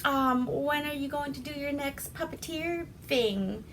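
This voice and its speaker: A woman voicing a starstruck young woman, gushing, breathless, higher pitched. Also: a little slow, a bit bright, slight background noise.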